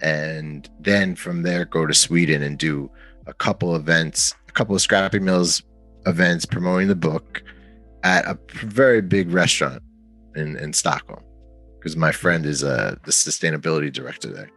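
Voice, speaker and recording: A young man with a very low voice tells a story as a podcast guest. He rambles, restarts often and fills gaps with "you know", growing lively when he quotes others. Soft music plays faintly underneath. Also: normal speed. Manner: rambling, many fillers and restarts, animated when quoting others. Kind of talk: casual conversational storytelling.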